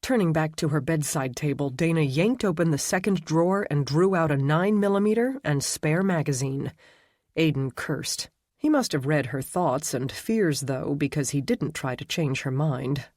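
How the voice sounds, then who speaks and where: A man narrating an audiobook in a steady, even storytelling manner. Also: a little high, moderate pace, no room sound, studio quality. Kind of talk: scripted narration.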